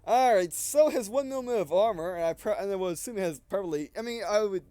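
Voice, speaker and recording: A man with a high-pitched, smooth voice talks through a game in a casual, rambling way, short of breath and often backing up to fix what he said. The sound is dry and close. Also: animated, fast talker, warm tone, dry recording. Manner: rambling, often restarting and correcting himself. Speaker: gaming video creator. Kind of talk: casual gameplay commentary.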